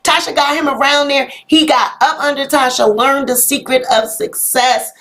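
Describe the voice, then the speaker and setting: In a high-pitched, slightly bright voice, a woman hosts a live gossip commentary show on YouTube. Her intonation stays fairly even at a moderate pace as she sassily responds to comments and speaks straight to viewers with "honey" and "y'all."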